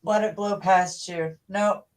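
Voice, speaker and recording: A woman's voice: medium pitch, steady tone, slow, a little mellow, distant mic. A woman hosting a livestream in casual chat, rambling and cutting herself off mid-sentence. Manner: rambling, self-interrupting. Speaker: livestream host. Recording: voice a bit off-mic.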